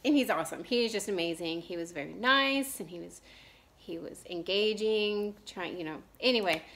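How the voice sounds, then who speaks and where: A woman in her thirties from Texas, rambling in a casual chat with lots of fillers and restarts, clearing her throat now and then from allergies. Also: on the low side, moderate pace, fairly bright tone. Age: 30s. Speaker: cross-stitch vlogger.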